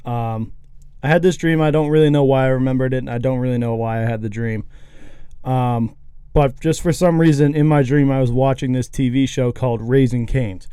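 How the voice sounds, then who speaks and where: A young man hosts a casual podcast, rambling easily and breaking into laughs. His voice is dark and mellow but smooth and clear. The sound is dry and close to the mic. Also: medium pitch, brisk, no echo. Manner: relaxed, rambling, laughs often. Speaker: podcast host. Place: college-town podcast setup.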